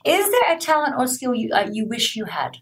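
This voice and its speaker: Excitable woman interviewer, off-mic. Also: fairly high pitch, a little fast, far from the mic. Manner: chatty, excitable, swears casually. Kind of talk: casual interview chat.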